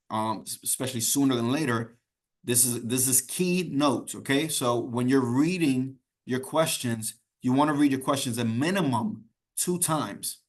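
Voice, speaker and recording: A man teaching an exam prep class in a conversational, encouraging way, repeating key points and checking in with "okay?". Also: mid-range voice. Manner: repetitive, keeps checking in with "okay?". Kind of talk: live online class teaching.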